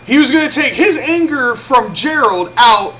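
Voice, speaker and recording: A young man with a very high, bright, sharp voice tells a story to the camera in a loose, cursing style. He acts out each person's lines as he goes. A faint hiss sits behind him. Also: moderate pace. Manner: animated, profane, acts out quotes. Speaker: vlogger. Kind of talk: casual storytelling.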